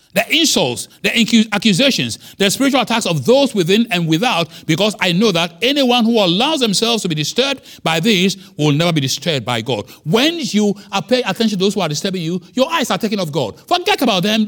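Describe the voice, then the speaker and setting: A man preaching a sermon as pastor, emphatic, with wide swings in pitch and loudness.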